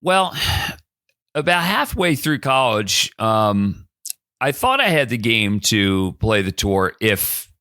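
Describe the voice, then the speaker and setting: A man in his fifties from the Philadelphia area spins a lively yarn as a podcast guest, jumping his voice up to play the people he quotes. His tone is bright and forward. The sound is close and dry. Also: slow pace, clear, resonant tone, no room sound. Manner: animated storyteller who acts out quoted lines with big pitch jumps. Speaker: guest, former college golfer and broadcaster. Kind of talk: casual storytelling in a podcast interview.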